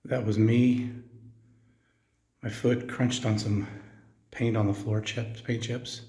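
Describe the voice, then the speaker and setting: A man on a ghost-hunting session, asking spirits slow, measured questions inside an old jail. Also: fairly low pitch, flat delivery, dark tone. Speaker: paranormal investigator. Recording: echoey old jail cell.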